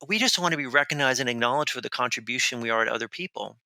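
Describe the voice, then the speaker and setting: A man tells a story as a podcast guest, rambling and restarting as he goes. His voice is gravelly and very bright, with a sharp edge. The sound is dry and close. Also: a little high, very fast, few pauses, no room sound, poor audio. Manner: animated, rambling, with many restarts. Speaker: author and guest. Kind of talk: conversational storytelling.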